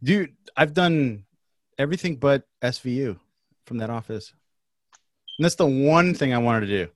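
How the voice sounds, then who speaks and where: A man's voice: mid-range voice, animated, moderate pace. A man in his forties, a host chatting casually and loosely with friends. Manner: loose and chatty, says dude. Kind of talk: casual chat.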